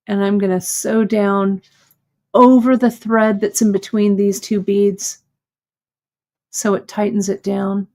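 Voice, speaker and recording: Female host for a live hands-on lesson: measured, leisurely delivery, warm checking-in with viewers. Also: medium pitch, flat delivery. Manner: patient, step-by-step, checks in with "okay?". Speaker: host demonstrating bead embroidery. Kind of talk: live craft tutorial.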